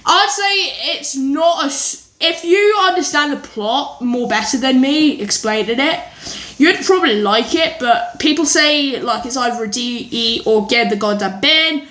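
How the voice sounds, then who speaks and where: A woman's voice: sits high, expressive, measured pace, a bit bright. A woman from England rambling casually through a movie ranking from her home kitchen, full of tangents and "anyways". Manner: rambling, scatterbrained, lots of "anyways" and restarts. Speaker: vlogger. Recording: echoey kitchen with faint birds.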